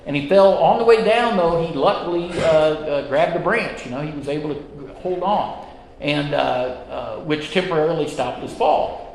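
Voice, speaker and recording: A man's voice: a little high, moderate pace, vocal fry, slight background noise. A man teaching a Sunday school class, chatty and self-deprecating, opening with jokes. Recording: echoey hall with reverb.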